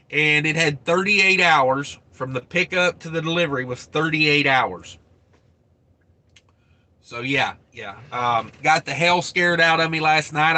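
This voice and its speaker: A man talks casually on his trucking livestream, musing aloud about loads and money. His voice is a little high and bright. He rambles, stops himself, and greets viewers as they come in. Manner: rambling, thinks aloud, reads viewer names. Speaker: trucking channel host.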